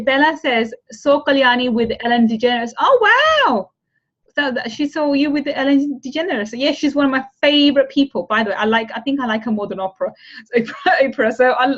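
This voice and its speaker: A woman's voice: a little high, muffled recording. A woman coaching a manifestation group over a video call, guiding a visualization and calling people honey and darling.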